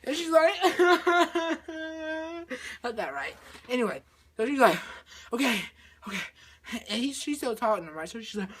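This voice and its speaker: A man's voice: very high voice, sing-song, fast talker, a bit bright, slightly rough. A male vlogger retelling a movie in a rambling, repetitive way, acting out scenes with sound effects.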